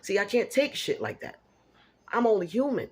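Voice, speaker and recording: A woman's voice: medium pitch, sing-song, moderate pace, husky. A middle-aged single mother venting in a personal vlog, blunt and emphatic, repeating herself for stress.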